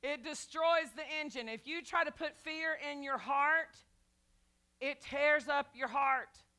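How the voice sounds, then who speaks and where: A woman's voice: high-pitched, a little slow, sharp tone. Emphatic woman pastor preaching. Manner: emphatic preaching with repetition and calls to the congregation. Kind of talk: sermon.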